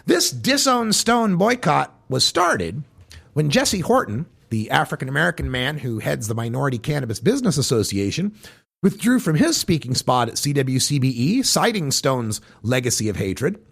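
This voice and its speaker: A man's voice: mid-range voice, very animated, moderate pace, vocal fry, a bit bright. A man hosting a podcast, reading a scripted commentary segment and stressing each quote with pointed emphasis. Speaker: podcast host.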